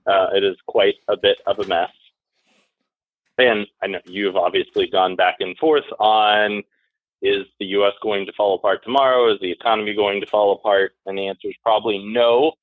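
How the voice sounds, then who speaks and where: A man's voice: lowish voice, steady tone, normal speed, no room sound. A man from Texas calling in, talking casually with rhetorical tag questions. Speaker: caller. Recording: tinny phone line.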